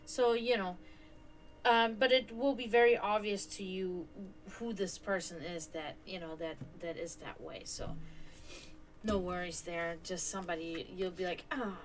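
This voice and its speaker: A woman hosting a home livestream, chatting casually and rambling, who laughs often, swears, and slips into high sing-song baby talk with her cats. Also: fairly even intonation, a little slow, poor audio. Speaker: esoteric stream host. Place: home, indoors.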